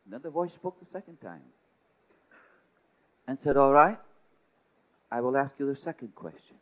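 Male preacher, mid-pitched, dramatic storytelling sermon, thin lo-fi recording. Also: lively intonation, moderate pace. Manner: dramatic, swings from hushed to loud. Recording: tinny phone-like sound.

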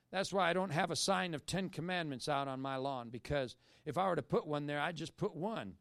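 A man preaching a sermon in a fairly high voice, recorded close and dry. He repeats phrases and fires rhetorical questions at the congregation. He swings between loud emphatic lines and near-whispered prayer. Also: fairly quick, few pauses, no echo.

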